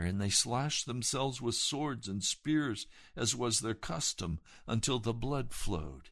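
A man preaching a sermon, retelling scripture with dramatic emphasis and swelling loud at the high points. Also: expressive, measured pace, no room sound, studio quality.

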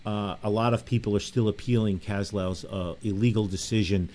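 A man's voice: lowish voice, steady tone, moderate pace, darkish tone. A man hosting a radio talk show, making emphatic pleas and reading listener emails aloud.

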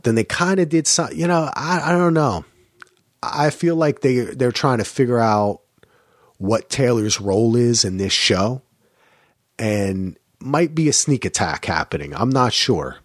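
A man with a low, husky voice hosts a casual solo podcast from his home. He rambles in a chatty, joking way. The sound is dry and close, with little room echo. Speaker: podcast host.

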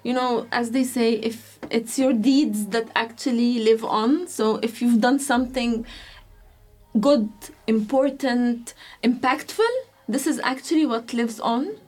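A woman from Egypt, a podcast guest, talking in an animated way and laughing easily. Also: on the high side, a little slow. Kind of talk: casual interview chat.

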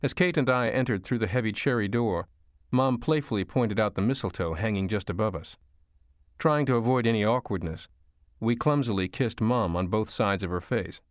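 A man with a fairly low voice reads a story aloud in a calm, measured way. The recording is dry and close, straight into a studio microphone. He narrates steadily, without hurry. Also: no room sound. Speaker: audiobook narrator. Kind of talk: scripted narration.

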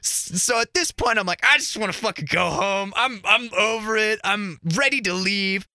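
A man's voice: high voice, normal speed, no room sound. A young man, a podcast guest, telling a crude first-date story with lots of swearing in a college radio studio. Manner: animated, crude, swears freely. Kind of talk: casual storytelling.

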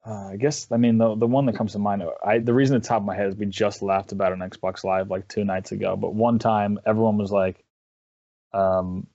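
A man's voice: lowish voice, level tone, dark tone, no room sound, highs cut off. A man chatting casually as an interview guest, rambling and restarting his sentences. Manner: rambling, halting, with many restarts. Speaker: interview guest, esports caster. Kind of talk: casual chat.

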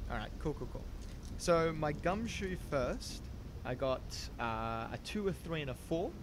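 A man playing a tabletop horror game, talking through his rolls with dry, deadpan humor. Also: a little high, a little slow, background noise. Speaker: player. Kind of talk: casual tabletop play.

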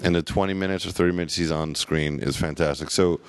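Casting: low-pitched man, joking and opinionated, casual movie chat host. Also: fairly even intonation, fast talker, clean tone. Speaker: podcast co-host. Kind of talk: casual film review chat.

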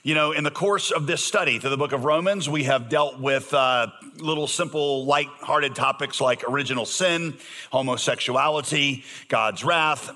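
Man, pastor, sermon, bright tone, long hall reverb. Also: on the high side. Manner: jokey, conversational preaching, reads scripture aloud with emphasis.

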